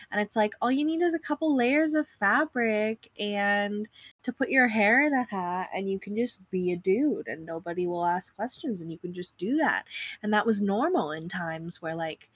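A young woman hosting a podcast, talking in a rambling, self-deprecating way from her bed at home, with vocal fry. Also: medium pitch, no echo. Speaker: podcast host. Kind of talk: casual conversation.

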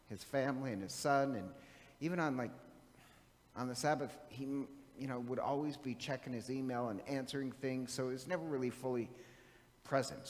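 A man's voice: mid-range voice, long reverb tail. A man preaching a sermon in a chatty, joking storytelling manner.

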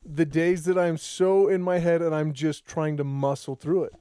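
A man hosting a podcast, talking in a loose, rambling way and often restarting his sentences. His voice is slightly high for a man but warm and mellow. When he quotes other people he jumps in pitch. The sound is dry and close. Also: moderate pace, clear, resonant tone, no echo. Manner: acts out quoted dialogue with lively pitch jumps. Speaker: podcast host. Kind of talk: casual podcast chat.

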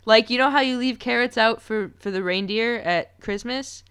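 A woman's voice: a little high, normal speed, a bit bright, smooth. A woman casually recapping a movie in a chatty, playful way, acting out lines as she goes. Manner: chatty, playful, acts out quotes in voices.

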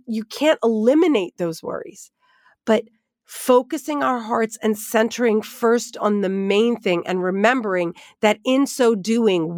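Animated woman teaching scripture. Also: on the high side, no room sound, studio quality. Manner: animated, expressive storytelling with asides. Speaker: Bible teacher. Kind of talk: devotional teaching with personal story.

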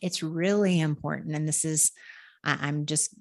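A woman's voice: sits low, fairly even intonation, moderate pace. A woman guest, an intuitive and medium, talking earnestly and reflectively about life purpose and acting out family voices. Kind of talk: spiritual advice conversation.

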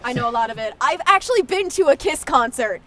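A woman's voice: high-pitched, expressive, quick pace, a crowd in the background. A nineteen-year-old woman guesting on a podcast, talking with gushing enthusiasm and lots of "like". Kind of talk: casual podcast chat.

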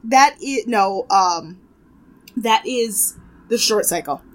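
A woman's voice: medium pitch, expressive, takes it slowly, low-quality recording. A woman co-hosting a casual podcast, chatty and sarcastic, swearing freely as she recaps a show. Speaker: podcast co-host. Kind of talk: casual chat.

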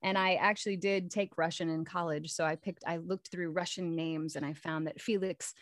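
A woman voice actor chatting casually in an interview, telling stories in a lively way. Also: lowish voice, moderate pace, dry recording. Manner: chatty and storytelling. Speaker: voice actor guest.

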